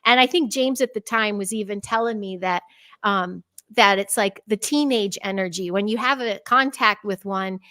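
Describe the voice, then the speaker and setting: A middle-aged woman from the Chicago area, a podcast guest telling personal stories, animated and laughing often. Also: normal speed, no echo. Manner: animated, laughs often, acts out her own past words in a bright high voice. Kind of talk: personal storytelling in a conversational interview.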